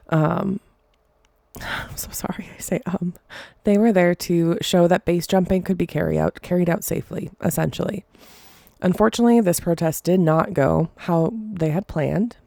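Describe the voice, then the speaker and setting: Low, gravelly woman with a dry mellow voice. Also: dry recording. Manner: halting, apologizes for stumbling over words. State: emotional, choked up. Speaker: podcast host. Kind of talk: casual solo podcast storytelling.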